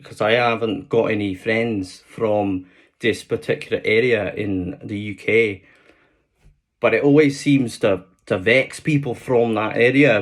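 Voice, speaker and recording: A man putting on a Scottish accent to play a slow-spoken Scottish man who rambles deliberately. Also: mid-range voice, close to an everyday voice. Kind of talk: accent demonstration, improvised chat.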